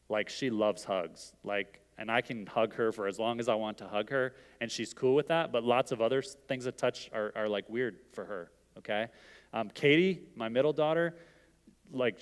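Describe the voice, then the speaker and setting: A middle-aged man giving an interactive sermon, talking casually and asking the audience questions. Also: fairly low pitch. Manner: conversational, asks the audience questions. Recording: long hall reverb.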